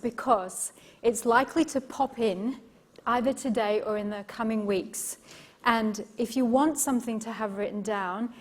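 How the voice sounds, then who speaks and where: A middle-aged English woman speaks with a slightly high voice, delivering a live motivational talk. She tells personal stories with warmth of emphasis, repeating words for effect and checking in with her listeners. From Yorkshire, England. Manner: expressive storytelling, emphatic repetition, engages audience. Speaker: keynote speaker and coach.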